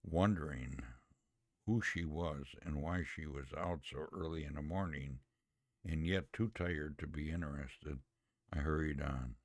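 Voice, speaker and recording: A man retelling a Christian story on a podcast, slowly and earnestly, with quoted dialogue. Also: very deep voice, dry recording, studio quality. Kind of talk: reading a Christian story aloud.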